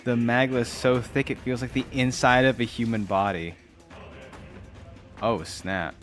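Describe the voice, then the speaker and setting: A man's voice: mid-range voice, steady tone, a little slow, faint music behind. A man streaming a game, chatting casually, reading on-screen text aloud and musing as he plays. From United States. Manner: muses aloud, reads game text and trails off. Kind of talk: casual gameplay commentary.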